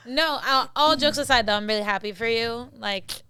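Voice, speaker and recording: Bright-voiced brash woman podcaster. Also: on the high side, unhurried, smooth. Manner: brash, profane, jokey. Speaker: podcast co-host. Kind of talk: casual chat.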